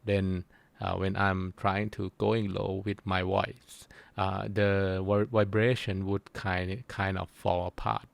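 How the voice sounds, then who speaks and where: Slow, gravelly male lecturer. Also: low-pitched, level tone, no echo. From Thailand. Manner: slow, halting explanation with frequent pauses to search for words. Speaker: university lecturer. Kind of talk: recorded course lecture.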